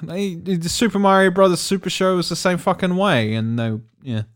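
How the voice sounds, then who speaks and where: A man's voice: sits high, moderate pace. An Australian man co-hosting a casual podcast, blunt and sweary, with jokey mock voices. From South Australia. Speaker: podcast co-host. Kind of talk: casual chat.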